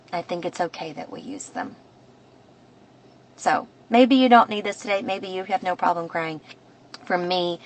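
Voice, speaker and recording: A woman's voice: on the low side, rough recording. A woman hosting a devotional podcast, talking in an earnest, reflective way and often restarting her sentences. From United States. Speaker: podcast host.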